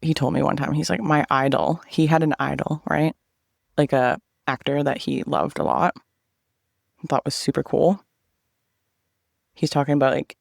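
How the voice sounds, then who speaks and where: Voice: medium pitch, expressive, moderate pace, vocal fry, pauses often, no room sound, clean studio sound. A man in his thirties telling a personal story in a casual vlog chat, swearing freely and acting out what other people said.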